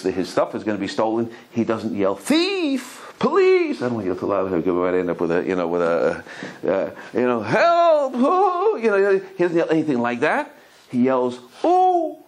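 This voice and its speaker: A man, a rabbi, giving a Torah lecture, telling stories animatedly, often repeating and restarting words, and acting out quotes with sudden high cries. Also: low-quality recording. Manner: animated storytelling, acts out quotes with high exclamations.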